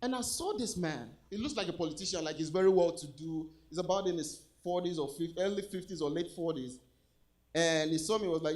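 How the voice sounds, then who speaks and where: A Nigerian man with a Nigerian accent doing a stand-up comedy set on stage, animated, swinging between loud punchlines and low asides. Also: brisk. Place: comedy club stage with a live audience.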